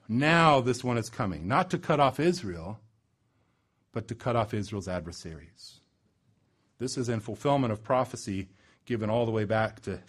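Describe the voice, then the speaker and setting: A man preaches a sermon, building to loud, emphatic peaks before dropping low and slow for weight. His pitch and loudness swing dramatically, and he slows down for emphasis.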